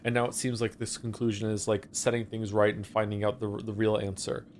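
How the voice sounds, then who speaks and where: A man's voice: lowish voice, level tone, fairly quick, a little hiss or hum. A man streaming a game, casually thinking aloud as he plays, trailing off and restarting mid-thought.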